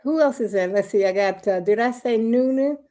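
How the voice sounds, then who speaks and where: A woman's voice: a little high, a little fast, warm tone. An older woman chatting casually on a live stream, homey and talkative, calling her viewers y'all, a little out of breath. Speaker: vlogger.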